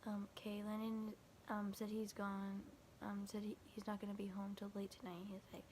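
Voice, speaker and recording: A woman's voice: mid-range voice, completely flat delivery, moderate pace, darkish tone, a little hiss or hum. A young woman vlogger casually retelling a scary night, quoting back and forth with lots of "like" and restarts. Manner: quotes texts with constant "I was like", "he's like"; rambling, filler-heavy, frequent restarts.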